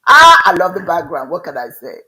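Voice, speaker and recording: A woman's voice: lowish voice, wildly swooping pitch, fairly quick, sharp tone, slightly rough, rough recording. A woman hosting a live online show, giving earnest, loose spiritual advice over a video call. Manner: earnest, advising, loose and conversational. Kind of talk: casual spiritual advice talk.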